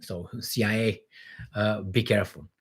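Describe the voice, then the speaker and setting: A man from Romania, hosting a casual livestream Q&A in a rambling, animated way from home. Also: on the low side, normal speed, breathy edge. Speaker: livestream host.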